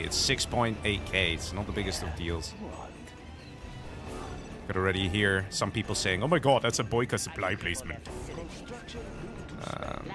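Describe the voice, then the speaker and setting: A man giving casual, self-mocking commentary while playing a strategy game online, laughing often. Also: on the low side. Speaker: game streamer. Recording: faint game music behind.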